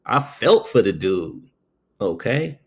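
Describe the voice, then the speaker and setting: A man telling a story in a casual monologue. He checks in with "okay?" after nearly every phrase and jumps up in pitch when he acts out quoted voices. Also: sing-song, creaky, slightly rough. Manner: slow, keeps saying "okay?" between phrases.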